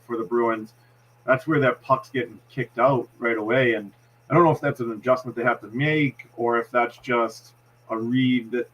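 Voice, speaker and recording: A man's voice: mid-range voice, a bit bright, muffled recording, a little hiss or hum. Boston-accented man breaking down hockey plays. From Massachusetts. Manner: analytical, explains plays step by step with many restarts. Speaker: hockey analyst.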